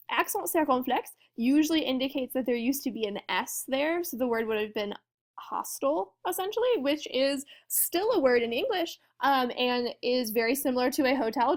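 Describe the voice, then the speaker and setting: A French teacher with a slightly high voice guides her class through a lesson. She's friendly and explains things clearly, regularly stopping to ask her students questions.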